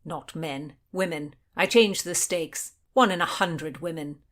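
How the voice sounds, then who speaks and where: A woman reads as a brash young soldier who boasts and sneers at everyone around him. He growls his words with scorn in a storybook tale, in a lowish voice. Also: measured pace, fairly bright tone. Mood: boastful.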